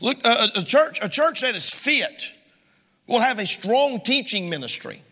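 A man's voice: extremely high pitch, lively intonation, moderate pace, pushed and bright. A male pastor preaching a sermon from the pulpit with an emphatic, repeating cadence. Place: church sanctuary. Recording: long hall reverb in a church.

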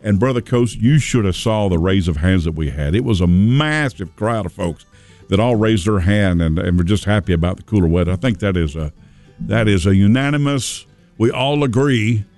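Folksy low-voiced radio host. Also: male voice, expressive, normal speed, a little mellow, faint music behind. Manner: folksy, rambling, chatty with fillers. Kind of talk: casual local radio talk. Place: radio studio.

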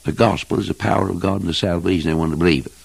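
An older man preaching a fervent old-time sermon, emphatic and husky, with King James phrasing. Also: low voice, steady tone, rapid-fire, dry recording. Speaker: evangelist preacher.

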